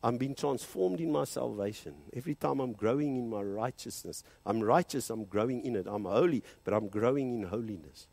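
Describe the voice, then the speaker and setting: A man with a South African accent, a pastor preaching a fervent sermon and switching between English and Afrikaans, climbing to loud high peaks and dropping to quiet low passages. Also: a little fast, vocal fry, hardly any pauses, no room sound.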